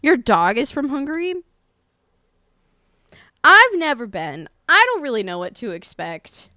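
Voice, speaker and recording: A woman's voice: high voice, sing-song, measured pace, sharp tone, no room sound, studio quality. A woman live streamer chatting casually with her viewers, playful and profane.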